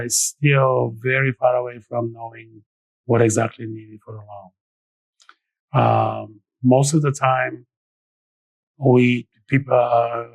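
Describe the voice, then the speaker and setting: A man's voice: medium pitch, dry recording, rough recording. Dry-sounding man explaining loans. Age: middle-aged. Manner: explains step by step with frequent restarts. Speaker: lending expert guest. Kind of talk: conversational podcast interview.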